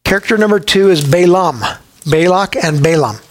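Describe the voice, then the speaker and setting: Male pastor, fairly high voice, animated conversational sermon style with playful storytelling. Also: normal speed. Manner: humorous, conversational.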